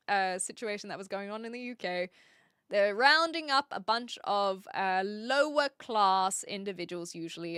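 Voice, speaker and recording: Streamer, woman, English accent, bright voice, dry close sound, rambling chat. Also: mid-range voice, clear, resonant tone, no room sound. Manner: chatty, rambling, reads out chat questions. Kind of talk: casual chat with live chat.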